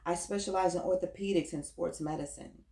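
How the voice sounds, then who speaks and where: Woman reading a flirtatious male doctor, thirties, self-assured, smooth, low voice, echoey room. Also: fairly quick, warm tone. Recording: roomy echo.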